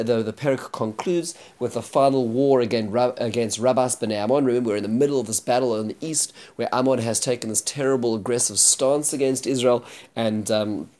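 A man's voice: fairly low pitch, a little mellow. A man teaching a Bible chapter, retelling the story earnestly and explaining it.

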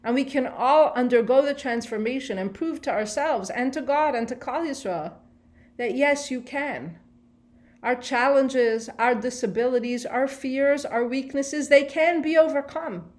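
Expressive woman teaching Torah. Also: high voice, measured pace. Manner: expressive, rhetorical questions, Hebrew phrases translated line by line. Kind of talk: Torah lesson on the weekly portion.

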